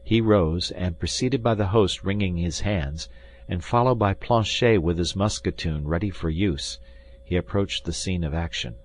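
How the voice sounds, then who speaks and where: A man reading a classic adventure novel aloud as an expressive audiobook narrator. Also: deep voice, normal speed. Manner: expressive storytelling. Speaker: audiobook reader.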